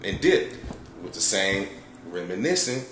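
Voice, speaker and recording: A man from Detroit, a podcast host, telling an animated, profane story in a laid-back way. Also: low-pitched, unhurried. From Detroit, United States. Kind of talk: casual storytelling. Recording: roomy with faint background noise.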